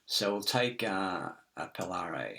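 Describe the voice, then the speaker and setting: A man's voice: low-pitched, sing-song, takes it slowly, gravelly, sharp tone. A middle-aged man, rambling in a casual monologue with many fillers, restarts and frequent swearing. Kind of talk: casual screen-share monologue.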